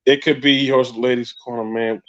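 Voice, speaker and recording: A man with a New York accent hosting a casual live podcast, telling stories in an animated, joking way. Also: medium pitch, moderate pace. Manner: animated storytelling with frequent laughs. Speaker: podcast host. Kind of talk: casual live-stream chat. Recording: muffled lo-fi live stream audio.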